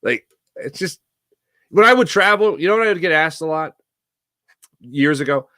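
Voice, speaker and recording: An American man hosting a sports talk show, speaking in a conversational, animated way with frequent restarts. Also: fairly high pitch, normal speed, no room sound, studio quality. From United States. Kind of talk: solo sports talk commentary.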